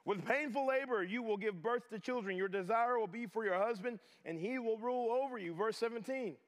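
A middle-aged man preaching a sermon as pastor, animated and swinging between loud and hushed. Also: very high-pitched, fairly quick. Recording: reverberant chapel hall.

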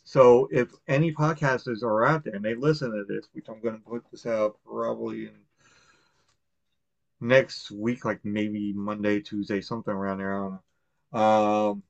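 A gravelly, lowish male voice with flat delivery at normal speed belongs to a podcast host from Long Island, New York. He chats casually, rambling, swearing and restarting, with plenty of fillers. The dry, dull lo-fi recording has no echo.

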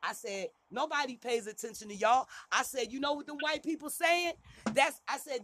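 A man's voice: very high-pitched, moderate pace, bright, forceful tone, no room sound. A man hosting a talk radio show, ranting in a heated, profane way and stumbling over repeated words as he gets worked up.

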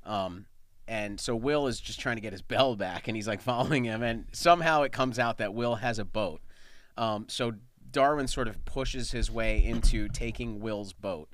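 A man casually pitching a comedy script, rambling with lots of ums and likes, often laughing. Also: measured pace, no echo, studio quality. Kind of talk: casual brainstorming chat.

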